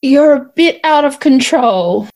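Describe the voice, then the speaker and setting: A woman's voice: sits high, lively intonation, a little slow, darkish tone, faint music behind. A woman playing a hesitant stage manager trying to keep a rehearsal in order. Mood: flustered.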